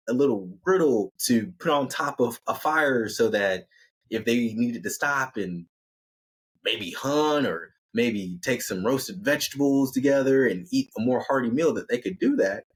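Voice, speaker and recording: A man telling a story in a casual, conversational way, acting out the characters with lively delivery. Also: mid-range voice, husky. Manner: conversational, animated, acts out characters.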